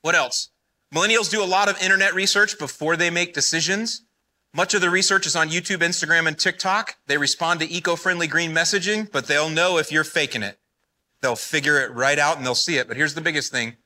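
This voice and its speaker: A man with a very bright, sharp-edged voice, speaking from a conference stage. He talks bluntly and in a folksy, fired-up way, and his pitch sits a little high for a man. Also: brisk. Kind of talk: live conference talk. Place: conference hall.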